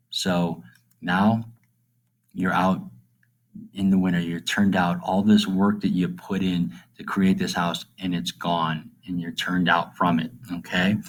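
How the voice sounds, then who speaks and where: A middle-aged male teacher giving a recorded literature lesson, reading verse slowly and then explaining it in plain, casual terms, often checking in with "okay?". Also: sits low.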